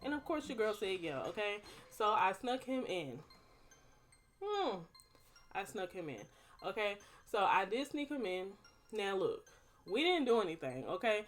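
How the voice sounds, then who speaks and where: A woman's voice: mid-range voice, sing-song, moderate pace, faint music behind. A young woman, telling a personal story to her viewers in a chatty, dramatic way. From Texas. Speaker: vlogger. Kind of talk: casual storytime.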